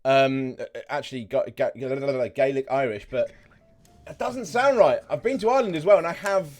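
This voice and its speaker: A man hosting a casual reaction video, excitable and thinking out loud, with frequent swearing. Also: mid-range voice, fairly quick, faint music behind.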